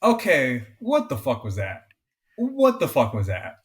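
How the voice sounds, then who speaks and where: A man co-hosting a podcast in casual chat, excitable and swearing freely, often getting loud. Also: mid-range voice, measured pace. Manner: excitable, swears a lot, gets loud and animated. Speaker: podcast co-host.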